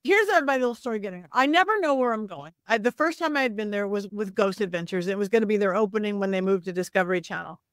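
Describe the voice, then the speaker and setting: A middle-aged woman, a psychic medium, telling a story with lively swings in her voice and acting out the people in it. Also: quick pace, hardly any pauses, no room sound, studio quality. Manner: acts out voices in quotes, lively swings of pitch. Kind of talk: animated storytelling.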